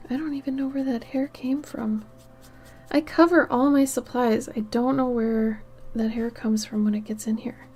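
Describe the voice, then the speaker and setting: A tired woman chatting casually with viewers while she draws on a livestream, soft-spoken and often dropping into half-whispered asides. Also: a little high, fairly even intonation, moderate pace, husky. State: tired, yawning. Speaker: art livestreamer. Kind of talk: casual chat while drawing on stream.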